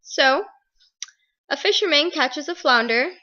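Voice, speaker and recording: A young woman plainly reading a fairy tale summary aloud in a slow delivery. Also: high voice, animated, bright, forceful tone. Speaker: storyteller. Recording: dull lo-fi home recording.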